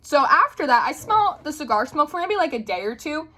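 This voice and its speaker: Bright, chatty young woman telling a story. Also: high-pitched, very animated, fairly quick, a little hiss or hum, poor audio. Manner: chatty, filler-heavy, swears casually. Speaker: tarot reader. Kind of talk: casual storytelling to camera.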